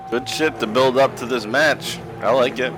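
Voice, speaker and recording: A man's voice: medium pitch, normal speed, fairly bright tone, slight background noise, rough recording. A man co-hosting a podcast, chatting casually while watching old wrestling, laughing often and swearing freely. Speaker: podcast co-host.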